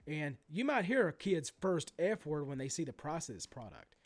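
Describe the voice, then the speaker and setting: Animated, profane card-collecting ranter. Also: male voice, on the high side, normal speed. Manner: animated, profane ranting with many asides and restarts. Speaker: sports card collector vlogger. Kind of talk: ranting vlog commentary.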